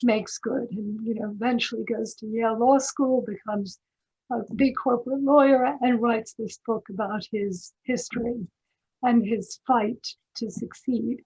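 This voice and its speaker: Husky older American woman on a muffled call. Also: fairly high pitch, fairly even intonation, measured pace, dark tone. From United States. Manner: thoughtful, with frequent restarts and emphatic asides. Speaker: panel guest. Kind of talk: conversational discussion.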